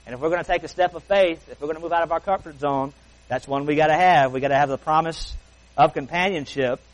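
A man preaching a sermon as pastor, emphatic, slowing down and stretching key words. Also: fairly high pitch, low-quality recording.

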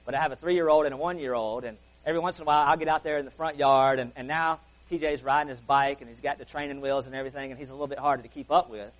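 A man preaching a sermon in a church service in an earnest, folksy way, swelling on key words and then dropping low and soft. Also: steady tone, rapid-fire, few pauses, poor audio. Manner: folksy asides.

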